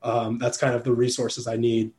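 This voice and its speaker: A young man, a guest in a casual interview, talking in a rambling way full of fillers and quick laughs. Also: mid-range voice, completely flat delivery, a little mellow.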